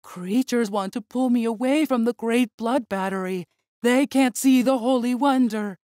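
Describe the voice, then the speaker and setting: A woman's voice: a little high, normal speed, mellow, no echo, clean studio sound, close to an everyday voice. A woman voicing a creepy, fanatical monster that mutters and repeats itself about sweet blood. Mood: agitated.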